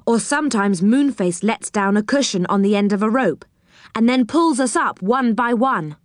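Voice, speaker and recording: A woman's voice: fairly high pitch, lively intonation, moderate pace, no echo, studio quality, lightly acted. A woman voicing a helpful young boy in a children's storybook, explaining things and warning his cousin. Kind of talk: storybook reading.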